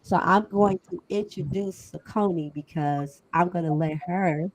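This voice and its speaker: A woman's voice: lowish voice, measured pace, darkish tone, no room sound, rough recording. A middle-aged woman co-hosting a podcast discussion, talking emphatically and conversationally with frequent laughs. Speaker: podcast co-host.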